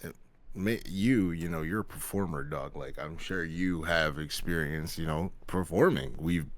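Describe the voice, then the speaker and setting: Casting: male podcast co-host, very low voice, loose rambling delivery. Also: a little slow. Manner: relaxed, rambling, slangy with mild swearing. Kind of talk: casual chat.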